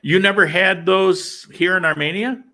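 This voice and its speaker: A man hosts a relaxed chat, ribbing his guest and laughing along. His voice sits a little high, with a bright, tense tone and a gravelly fry underneath. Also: moderate pace. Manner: teasing, laughs often. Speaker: host. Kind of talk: casual chat.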